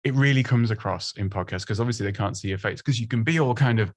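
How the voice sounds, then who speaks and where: A man talks through presenting tips in a loose, self-deprecating way, stopping and restarting with small laughs. His voice sits fairly low. The sound is close and dry, with no room around it. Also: quick pace, dry recording. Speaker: presenting coach. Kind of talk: casual advice talk.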